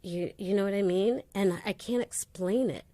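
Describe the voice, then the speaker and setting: A woman, a guest in an interview, telling her life story in a lively way and acting out the voices of people she quotes. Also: medium pitch, normal speed, no echo. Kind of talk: candid interview conversation.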